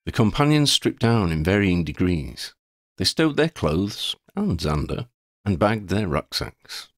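Low-voiced male narrator with gravel, lively intonation, expressive storybook reading. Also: a little slow, dry recording, clean studio sound. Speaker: audiobook reader.

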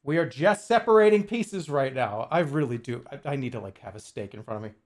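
A man in his forties chats with viewers on a laid-back livestream, swearing and joking while doing a puzzle. His medium-pitched voice is expressive, and he talks fairly quickly.

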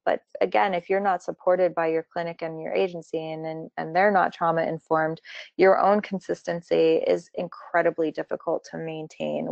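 A woman's voice: on the low side, vocal fry, a little mellow, no room sound. A woman therapist giving a conversational training webinar, earnest, often using "you know" fillers and restarts. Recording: dull lo-fi dry webinar audio.

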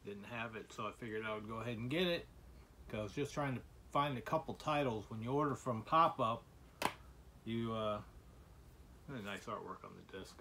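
A man showing the movies he bought in a casual vlog, talking in halting bursts full of "uh" fillers and restarts. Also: fairly low pitch, background noise. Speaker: collector showing his movie purchases.

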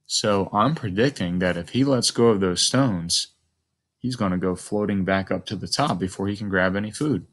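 A male teacher with a low voice reads a story aloud to children at a normal speed. He models a close read by thinking aloud and putting questions to the listener.

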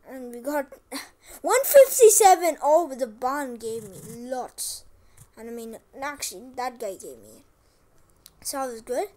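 A woman chatting casually while playing a farming game. She repeats herself often and makes an effort to speak loudly. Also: high voice. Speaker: gameplay commentator. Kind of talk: casual gameplay commentary.

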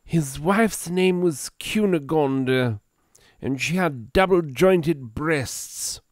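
Guy doing a snooty posh english gent, grand and mock-solemn, voice swinging up and down a lot, slow and deliberate. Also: on the high side, animated, no echo, clean studio sound, pitched above the performer's own voice. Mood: boastful. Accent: put-on upper-class English. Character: pompous upper-class English gentleman, murdered repeatedly.

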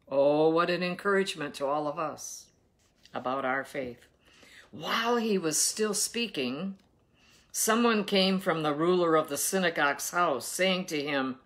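A woman's voice: fairly low pitch, animated. A woman giving a devotional Bible reading with commentary, earnest and emphatic, often asking her listeners rhetorical questions. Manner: reads scripture slowly with emphasis. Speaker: daily Bible reader and teacher.

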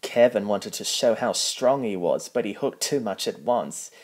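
A man's voice: lowish voice, lively intonation, unhurried, a little mellow. A man reading a children's picture book aloud, plainly, with small slips. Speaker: storybook reader.

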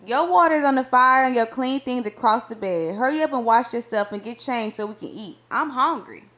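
A woman's voice: on the high side, normal speed, close to an everyday voice. A woman playing a sassy young wife. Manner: lively, sassy folksy banter. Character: spirited, affectionate young wife.

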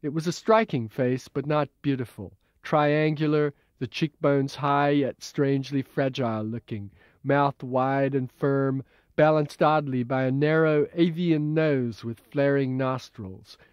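A man reading his own novel as an audiobook in a measured, even way, heard as dull old tape. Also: medium pitch, clean tone, dry recording. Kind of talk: audiobook narration.

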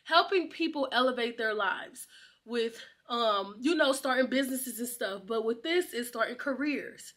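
Excitable high bright-voiced woman vlogger. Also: normal speed. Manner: excitable, laughs often, slangy. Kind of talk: casual vlog chat.

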